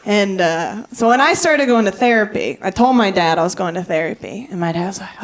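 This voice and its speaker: A woman's voice: medium pitch, animated, quick pace, hardly any pauses. A woman in her thirties from Virginia, doing a playful stand-up set on a comedy stage and chuckling at her own punchlines. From Virginia, USA. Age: 30s.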